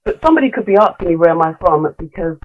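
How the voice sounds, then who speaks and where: A woman's voice: on the low side, expressive, very fast, muffled recording, slight background noise. A middle-aged woman, a guest in a casual podcast conversation, talking candidly with many fillers and restarts. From London. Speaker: guest, leadership coach.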